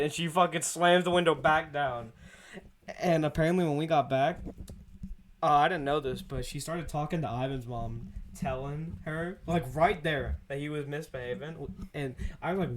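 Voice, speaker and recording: A man with a somewhat higher voice rambles through a story on a casual podcast. He swears freely, laughs mid-sentence and restarts his thoughts often. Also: moderate pace, a little hiss or hum. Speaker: podcast co-host. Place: indoor podcast setup.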